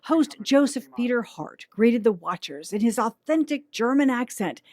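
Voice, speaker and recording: A woman news anchor giving measured, polished documentary narration. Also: fairly high pitch, expressive, a little mellow.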